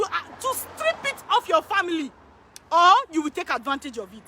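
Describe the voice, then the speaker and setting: A woman working as an immigration consultant, talking excitedly to her viewers, repeating phrases for emphasis and laughing often. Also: extremely high pitch, normal speed, a little hiss or hum. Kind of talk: excited direct-to-camera talk. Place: in Canada.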